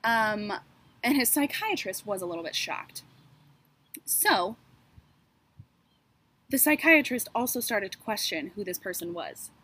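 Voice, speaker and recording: A woman with a slightly husky, airy voice walks through a true-crime case on a podcast. She is casual and chatty, peppering the story with sarcastic asides and fillers. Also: medium pitch, big pitch swings, measured pace, pauses often, pushed and bright. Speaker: podcast co-host.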